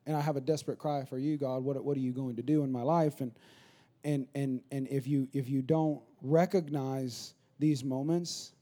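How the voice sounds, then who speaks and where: Mellow-voiced pastor preaching conversationally. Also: male voice, medium pitch, steady tone. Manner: conversational preaching, builds to rapid repetitive crescendos. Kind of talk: sermon.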